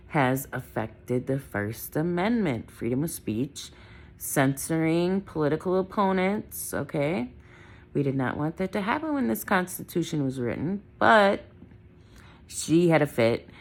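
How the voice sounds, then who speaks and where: A woman's voice: sits low, very animated, a little slow. A middle-aged woman from Wisconsin, talking casually and with strong opinions in a vlog from her car, often ending thoughts with "right?". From Wisconsin, United States. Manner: chatty, opinionated, trailing off with "right?" and "I don't know". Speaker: vlogger.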